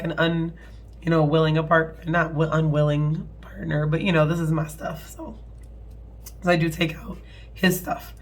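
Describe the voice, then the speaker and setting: A young woman with a cold, hoarse and a little nasal, chatting casually as she walks through her family budget, apologetic and rambling with fillers. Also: low voice. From American Midwest. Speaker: budgeting channel host.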